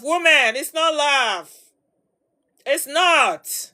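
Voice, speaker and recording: A woman with a high, bright voice speaks straight to her followers as a livestream host. She lectures in an emphatic, preachy way and hammers her points by repeating words. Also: normal speed. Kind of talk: advice talk to followers.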